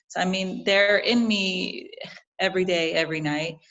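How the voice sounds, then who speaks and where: Brooklyn woman, New York accent, lowish voice, animated storyteller, guest interview. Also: normal speed, poor audio. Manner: animated storytelling, frequent restarts. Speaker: guest, jewelry designer. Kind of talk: casual interview.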